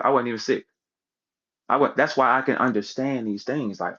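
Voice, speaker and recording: A man's voice: medium pitch, moderate pace, husky. Man ranting profanely on a lo-fi stream. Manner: profane, animated storytelling, acts out voices of others. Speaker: online audio room speaker. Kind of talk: heated casual rant. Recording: dull lo-fi audio stream.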